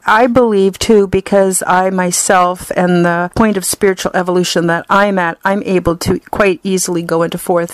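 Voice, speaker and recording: A woman's voice: mid-range voice, dry recording. A woman from Canada, giving an earnest, effusive personal testimonial.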